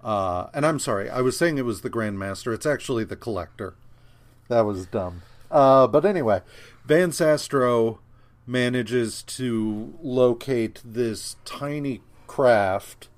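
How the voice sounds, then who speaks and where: A man's voice: mid-range voice, lively intonation, unhurried. A man co-hosting a podcast, recapping comic books in casual chat, rambling with lots of fillers, restarts and swearing. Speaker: podcast co-host.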